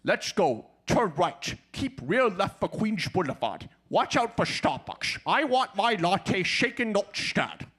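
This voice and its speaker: A man doing an impression of a suave older male spy as a navigation voice, smooth and wry. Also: sits high, sing-song, slow, few pauses, a bit bright, heavily acted.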